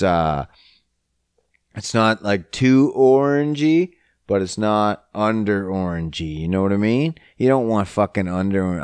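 A man rants through his solo podcast in an unhurried, profanity-laden ramble. His voice is smooth and clean, heard close with almost no room around it. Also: fairly low pitch, a little mellow, no echo. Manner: profane, rambling, heavy swearing. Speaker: podcast host. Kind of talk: casual solo podcast rant.

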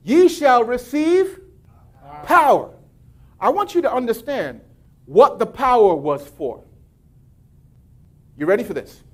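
Man, pastor, sermon, very high voice, lively swings in pitch. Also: slow, pauses often. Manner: animated preaching with scripture readings and asides.

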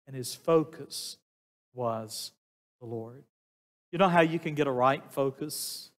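An older man preaching a sermon, slow and emphatic, putting questions to the congregation. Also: mid-range voice. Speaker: pastor. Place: church sanctuary. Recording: long church reverb, voice sometimes off mic.

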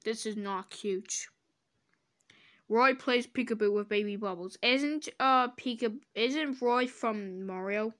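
A woman doing comedic reaction commentary, sarcastic and swearing, breaking into loud silly voices. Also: fairly high pitch, slow. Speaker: commentator reacting to fan drawings.

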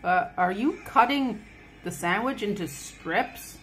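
A woman's voice: mid-range voice, lively intonation, slow pace, a bit bright, slight background noise. A woman filming a casual family home video, teasing and coaxing her child in a playful, chatty way.

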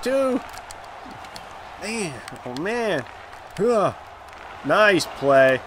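Excitable man reacting to gameplay. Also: on the high side, very slow, pauses often, a faint crowd, a little hiss or hum. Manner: excitable, groaning and exclaiming at plays. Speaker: gaming YouTuber. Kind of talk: live gameplay commentary.

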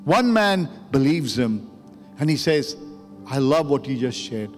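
A man's voice: medium pitch, very animated, a little slow. A man pastor telling a story in a sermon, emotional and building to urgent preaching. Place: church sanctuary. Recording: long church hall reverb, music underneath.

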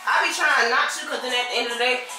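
Young woman, 20s, high and bright, candid slangy venting, roomy echo. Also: quick pace, faint music behind. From Florida, USA. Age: early 20s. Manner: relaxed and candid, slangy, jumps between baby talk and venting. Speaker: vlogger and mom. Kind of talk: casual chat. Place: home indoors.

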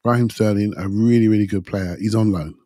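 Guy on a footy pod, blunt, lowish voice, bit dry. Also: fairly even intonation, brisk, warm tone, dry recording. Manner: blunt and emphatic, says mate. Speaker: podcast pundit. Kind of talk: casual football chat.

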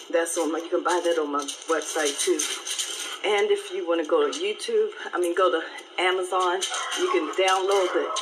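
A woman pastor giving an animated, live-streamed devotional talk, repeating her phrases and laughing often. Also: fairly low pitch, noisy background.

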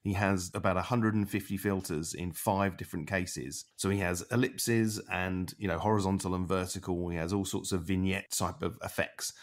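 Deep-voiced, articulate male interviewer. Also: steady tone, moderate pace, hardly any pauses. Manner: articulate, long flowing sentences. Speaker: interviewer, cinematographer. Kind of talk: interview questions and commentary.

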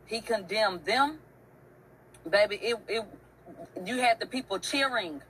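A woman with a mid-pitched voice tells a story in a casual, profane rant. She hammers her points home by repeating phrases. A faint background hiss sits under her voice. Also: lively intonation, unhurried, fairly bright tone, rough recording. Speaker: online show host.

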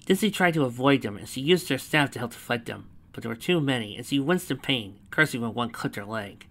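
A man narrates a fanfiction story with a bright, forward voice and a middle pitch. He breaks off now and then for chatty asides before returning to the narration. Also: expressive, a little fast. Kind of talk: reading fanfiction aloud with casual asides.

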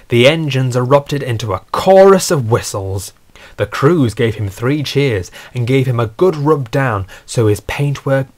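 Man narrating an audio storybook. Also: mid-range voice. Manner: steady, dramatic storytelling.

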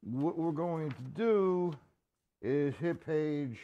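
A man giving a casual live-stream drum lesson, chatting with viewers by name and counting beats out loud. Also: a little high, drawn-out words, highs cut off. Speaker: drum teacher.

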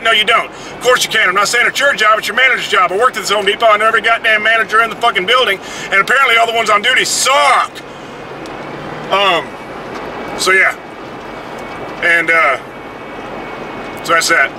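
A man's voice: sits high, fairly quick, pauses often, sharp tone. A man telling a blunt, heavily profane story as a casual vlog rant. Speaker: vlogger. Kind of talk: casual ranting monologue. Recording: noisy, with vehicle and traffic sounds.

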